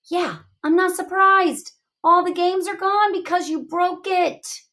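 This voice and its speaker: A woman teaching a reading lesson to young students, thinking aloud with big, expressive reactions to the text. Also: very high voice, slow pace.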